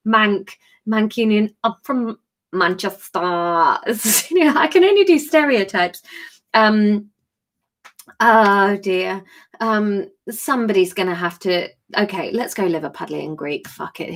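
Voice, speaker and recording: A woman's voice: mid-range voice, a bit bright. A woman comedian chatting casually on a live stream, giggly and self-mocking as she reads her own story. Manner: giggly, self-mocking, laughs through lines. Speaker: comedian hosting a live book club.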